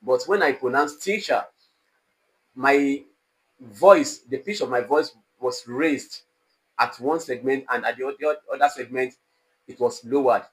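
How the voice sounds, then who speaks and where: Guy lecturing an online exam-prep class, slow and careful, repeats examples with big pitch swings, mid voice. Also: poor audio. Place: online class studio with a technician.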